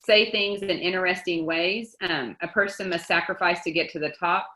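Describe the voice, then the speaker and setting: A woman's voice: on the low side, steady tone, normal speed, sharp tone, echoey room, low-quality recording. A woman leading a casual group coaching talk, chatty and upbeat, quoting sayings and laughing easily. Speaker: team leader teaching a book study.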